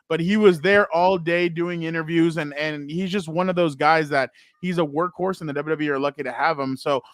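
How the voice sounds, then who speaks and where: A young man co-hosts a casual sports podcast in a voice on the high side, excitedly telling stories, laughing along the way, and acting out other people's lines. The studio-quality recording has no echo.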